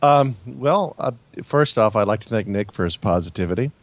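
A man's voice: fairly low pitch, lively intonation, normal speed, no echo. A man co-hosting a podcast, joking dryly and starting with hesitations. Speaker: podcast co-host. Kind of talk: casual chat.

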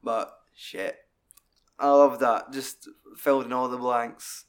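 Man, casual co-host, loose sweary recap with quick acted-out quotes. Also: medium pitch. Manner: animated, sweary, acts out quotes. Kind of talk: casual film discussion.

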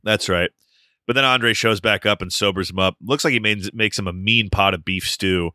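A man's voice: lowish voice, normal speed, sharp tone, no room sound, clean studio sound. A man co-hosting a podcast, casually recapping a film's plot with joking asides. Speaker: podcast co-host. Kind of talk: casual movie review chat.

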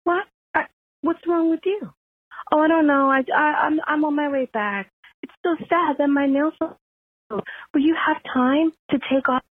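A woman's voice: moderate pace, no room sound, close to an everyday voice. A New York woman putting on a chirpy, oblivious sister-in-law over a tinny phone. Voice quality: high chirpy sing-song.

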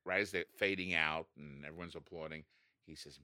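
A man, an actor, telling a story in a casual interview, jumping up in pitch as he acts out what people said. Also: a little fast, no echo, studio quality. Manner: animated, acts out quotes with big pitch jumps.

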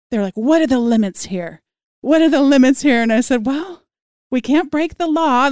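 Smooth-voiced woman podcast host. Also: medium pitch, no room sound, clean studio sound. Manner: animated storytelling with frequent laughs. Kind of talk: conversational podcast interview.

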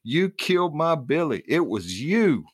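A man's voice: fairly high pitch, sing-song, a little slow, husky, voice pushed up, full character voice. A man reading aloud, voicing a furious grieving widow who screams accusations at a funeral.

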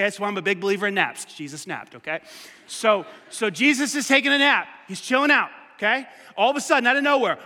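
Man preaching, very high voice, bright and forceful, casual sermon, loud then hushed. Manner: conversational, swings from loud urging to hushed. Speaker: pastor. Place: church. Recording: long hall reverb.

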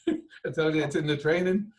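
A man's voice: a little high, far from the mic, poor audio. A man from Northern Ireland with a Northern Irish accent, a business owner chatting and joking in an interview. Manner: jokey, chatty, laughs often. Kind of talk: casual interview chat.

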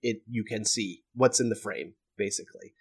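A man's voice: lowish voice, fairly even intonation, normal speed, crowd noise. A man guesting on a podcast, chatting casually and explaining things in a nerdy way. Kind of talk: casual chat.

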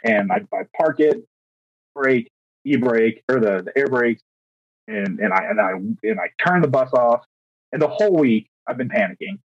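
Here a young man, a teacher and podcast co-host, speaks at normal speed in a medium-pitched voice with no echo. Telling his story casually and with animation, he acts out quotes and keeps restarting and using fillers, all captured on a dry, dull lo-fi recording.

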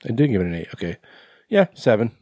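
This podcast co-host speaks fast and very animatedly in a lowish, dark-toned voice. He rambles through casual conversation, leaning on fillers and cursing without restraint. Clean studio audio, dry with no room sound.

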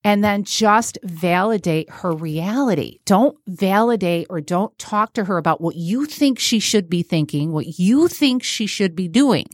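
A woman's voice: medium pitch, a little slow, few pauses, no echo, studio quality. A woman relationship expert telling stories in casual talk-show chat, acting out the people she quotes. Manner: animated storyteller, acts out quotes.

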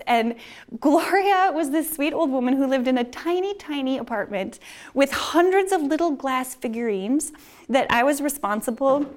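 Woman telling a casual personal story. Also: a little high. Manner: casual, many fillers, laughs while telling.

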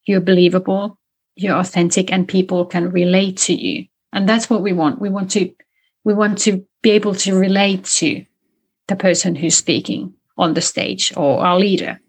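A woman guest in an interview, explaining communication skills in a lively conversational way and demonstrating tones of voice as she talks. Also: mid-range voice, moderate pace. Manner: animated, explains with spoken demonstrations.

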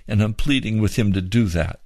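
A man preaching a sermon, fervent and pleading, with slow drawn-out emphasis. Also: fairly low pitch, darkish tone, no room sound.

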